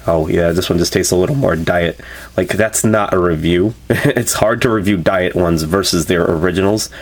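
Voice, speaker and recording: A man with a very low voice talks through a drink review in a loose, rambling way. He keeps correcting himself and filling gaps with "um" and "you know". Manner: rambling, relaxed, lots of fillers and self-corrections. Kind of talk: casual product review vlog.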